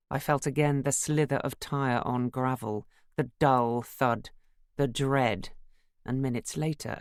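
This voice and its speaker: A narrator giving a measured, literary first-person audiobook reading. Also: male voice, mid-range voice, no room sound, clean studio sound.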